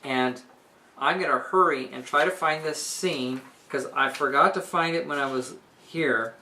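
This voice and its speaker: A woman's voice: deep voice, unhurried, sharp tone, a little hiss or hum. A woman retelling a play in an enthusiastic, chatty way, often checking in with her listeners. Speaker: book reviewer and teacher. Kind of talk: casual explanatory retelling.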